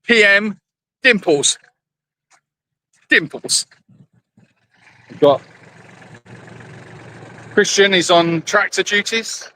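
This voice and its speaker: A man hosts a live stream from an animal sanctuary, talking into a handheld phone as he walks outdoors. His voice sits a little high with a bright, forward tone. He chats loosely and rambles, calling out viewers by name. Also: slow, long pauses, low-quality recording. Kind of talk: casual live-stream chat. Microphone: phone held in hand.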